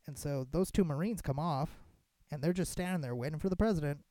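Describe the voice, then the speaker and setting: Heavy swearing, endless "like" fillers and frequent restarts mark this young adult podcast host's animated, casual rant. The voice sits at medium pitch, runs a little fast, and is recorded dry.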